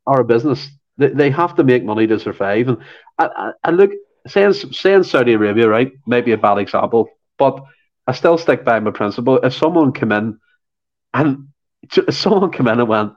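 A man's voice: mid-range voice, animated, normal speed. A man talks football on a podcast with heated, ranting passion. He often stumbles and repeats himself as he builds his point. The sound is dull and lo-fi. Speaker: podcast co-host. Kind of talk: casual football chat.

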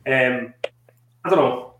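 A man with a Scottish accent hosting a casual football podcast, talking in a relaxed, conversational way. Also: mid-range voice, slow, a little hiss or hum. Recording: echoey room.

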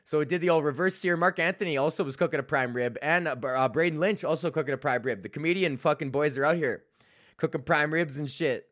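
A man's voice: on the high side, fast, a bit bright. A young man from Canada hosting a podcast, telling stories in a rambling, swearing, casual monologue and laughing at his own jokes. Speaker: podcast host and comedian.

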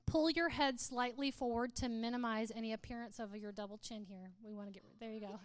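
A woman's voice: a little high, steady tone, brisk, background noise. A woman speaking to a live audience in a playful, humorous way, often laughing and reading aloud with mock drama.

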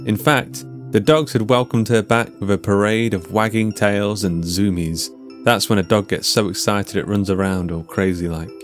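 A man reading his own story in a calm, measured narration. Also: on the low side. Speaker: writer and narrator. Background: faint music.

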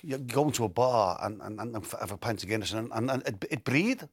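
A man's voice: mid-range voice, animated, a little fast, husky, dry recording, studio quality. An older man, telling football stories in an interview, often repeating and restarting words. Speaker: interview guest, former footballer. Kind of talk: relaxed storytelling interview.

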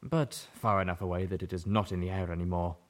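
A man's voice: low voice, steady tone, quick pace, natural voice. A man voicing a cracked, desperate zebra mare. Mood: weary. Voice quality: voice cracking, bitter. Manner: pleading, fearful. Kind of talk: audiobook character voice.

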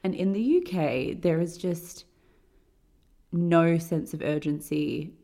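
A woman, co-hosting a podcast and telling a story in a fast, animated way with lots of fillers. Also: lowish voice. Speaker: podcast co-host. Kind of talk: casual chat.

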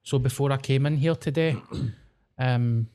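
A Glaswegian man in his mid-thirties, co-hosting a podcast in relaxed, foul-mouthed chat. He tells stories about his family and drops into flat, drawling impressions of relatives. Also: mid-range voice, unhurried. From Scotland. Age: 30s. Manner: sweary storyteller, mimics relatives in a flat drawl. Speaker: podcast co-host.

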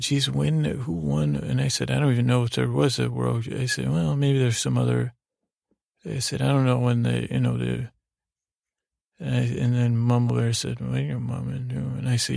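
Flat, gravelly man rambling a bedtime story. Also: medium pitch, dry recording, clean studio sound. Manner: halting, meandering, many restarts and fillers. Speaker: sleep podcast host.

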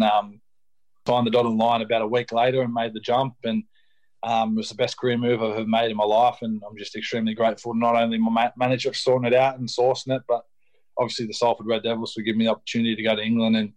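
A young Australian man, a rugby league player, talking casually as an interview guest with a laid-back, filler-heavy delivery. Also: medium pitch.

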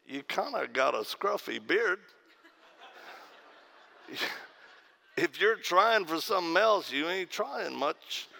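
Male pastor, folksy storyteller on stage, bright ringing voice. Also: fairly high pitch, creaky. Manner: folksy storyteller, acts out quoted voices, laughs at own stories. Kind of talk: humorous speech to a conference crowd. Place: conference stage.

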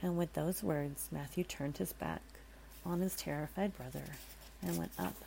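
A woman's voice: low voice, moderate pace, gravelly, mellow, a little hiss or hum, low-quality recording. A woman reading a scary story aloud in a dramatic way, stopping for nervous asides to her listeners.

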